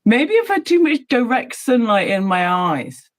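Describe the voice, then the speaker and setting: A woman's voice: fairly high pitch, big pitch swings, a little slow, poor audio. A woman in casual chat, teasing and playful, laughing often.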